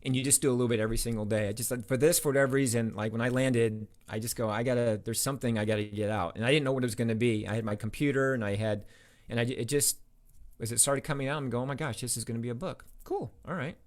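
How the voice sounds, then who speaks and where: Male interview guest, quick and enthusiastic, loose rambling storytelling. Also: medium pitch, fairly even intonation. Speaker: podcast guest, author. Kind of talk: casual interview chat.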